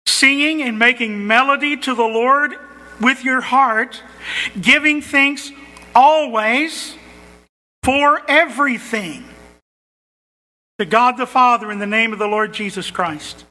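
A man's voice: very high voice, takes it slowly, long pauses, bright, forceful tone, in a large hall. A man preaching a sermon, emphatic and stressing points by repetition. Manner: emphatic, repeats phrases for stress.

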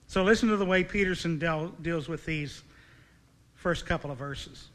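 A man delivers a sermon in a high, bright voice. He preaches earnestly and keeps turning to his listeners with direct, searching questions. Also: moderate pace.

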